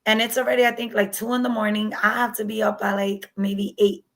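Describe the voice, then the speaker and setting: Gravelly-voiced woman telling her own story. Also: medium pitch, flat delivery, a little fast, a bit bright, low-quality recording. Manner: candid, acts out past dialogue. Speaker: guest sharing her story. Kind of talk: personal storytelling.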